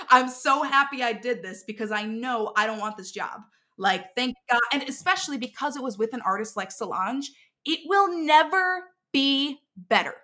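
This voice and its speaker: A young woman chats casually as an interview guest, talking in bursts full of "like" and quick restarts. Her voice sits a little high and sounds very bright. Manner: animated storyteller, many fillers and restarts.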